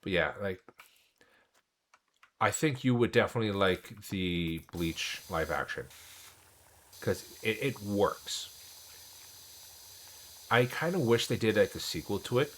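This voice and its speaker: Chatty low-voiced man streamer. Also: expressive, unhurried, long pauses, a bit bright, a little hiss or hum, poor audio. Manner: rambling, chatty, many restarts. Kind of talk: casual chat while gaming.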